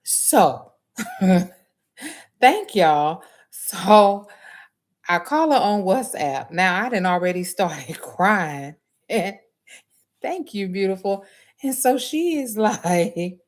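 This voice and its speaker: An adult nursing student hosting a livestream animatedly tells her viewers a story, laughing often and using Southern US dialect grammar. Her medium-pitched voice stretches words out, with long pauses.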